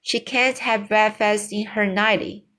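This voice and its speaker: A composed, dignified queen with formal speech, as a woman reads her part. Her lines come slowly and evenly. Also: mid-range voice, steady tone, pushed and bright.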